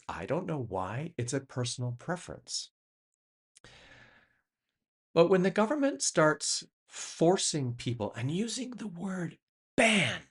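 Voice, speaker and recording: Middle-aged man, reflective monologue, explanatory, lively pitch, stretches words for emphasis. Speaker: host.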